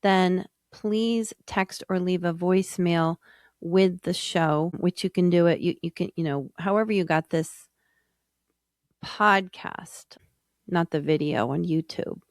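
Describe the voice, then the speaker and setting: A woman hosting a podcast, telling a personal story in a gentle, earnest way. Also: fairly low pitch, takes it slowly, no room sound, studio quality. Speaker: podcast host, psychologist.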